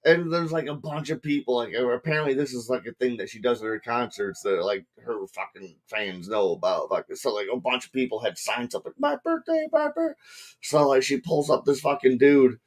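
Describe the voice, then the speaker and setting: A man's voice: mid-range voice, fairly quick, hardly any pauses. A man hosting a podcast, telling a rambling story in casual chat, full of swearing and "dude". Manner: rambling profane storytelling, says "dude" a lot. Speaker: podcast host.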